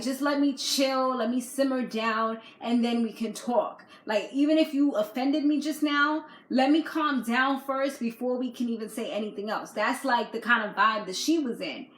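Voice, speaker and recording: A woman giving a casual video recap of a reality show, chatty and animated, full of fillers. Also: fairly high pitch, echoey room, rough recording.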